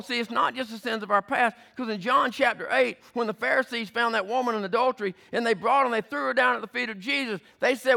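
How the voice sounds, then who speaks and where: A man's voice: very high voice, fast, gravelly, hardly any pauses, pushed and bright. A male pastor preaching a sermon, emphatic, repeating words as he builds his points and retelling scripture scenes vividly.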